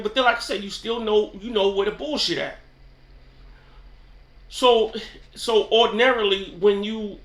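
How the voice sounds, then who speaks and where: High, bright-voiced New man rambling. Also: roomy sound. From New York. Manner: slangy, rambling, keeps asking "you know what I'm saying". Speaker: channel host. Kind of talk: casual off-the-cuff commentary.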